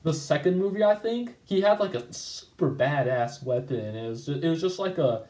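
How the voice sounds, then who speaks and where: A man's voice: on the high side, expressive, moderate pace, mellow, echoey room, poor audio. Rambling guy reacting to old work. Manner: rambling, lots of "like" and self-corrections. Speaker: channel host. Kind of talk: casual video commentary.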